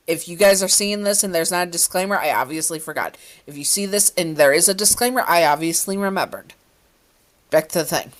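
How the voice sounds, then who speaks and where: Low-voiced woman reading a fan story. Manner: chatty, breaks off to comment and correct herself. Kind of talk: casual amateur story reading.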